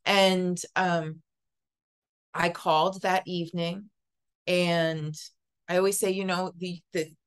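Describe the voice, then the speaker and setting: A woman telling a personal story as an interview guest, earnest and halting, often repeating words. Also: on the low side, level tone, clean tone. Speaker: podcast guest, psychic Reiki master.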